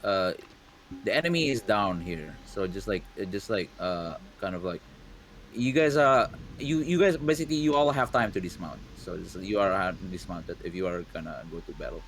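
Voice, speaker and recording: A man's voice: low-pitched, expressive, normal speed, fairly bright tone, a little hiss or hum. A man running a tabletop game online as game master, rambling with plenty of fillers.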